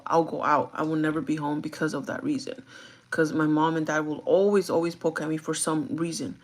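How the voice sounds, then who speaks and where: Chatty young woman with a lowish voice. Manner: animated, chatty storytelling addressed to viewers. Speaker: vlogger. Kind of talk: get-ready-with-me storytime chat.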